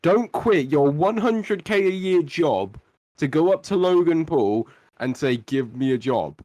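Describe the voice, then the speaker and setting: A man's voice: a little high, unhurried, dry recording. Young man telling a story with energy. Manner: animated storytelling, swears, mimics people he talks about. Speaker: podcast co-host. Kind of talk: casual chat.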